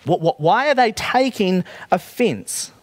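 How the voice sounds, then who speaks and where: Male preacher, chatty teaching sermon, animated pitch, dry close sound. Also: measured pace, no echo. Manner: conversational, asks the listeners questions. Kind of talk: sermon with a Bible reading.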